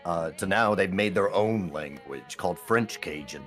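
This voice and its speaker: A man's voice: deep voice, expressive, normal speed, a bit bright, faint music behind. An American man chatting casually while gaming, rambling with restarts and swearing. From United States. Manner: rambling, profane, many restarts. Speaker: gaming co-host.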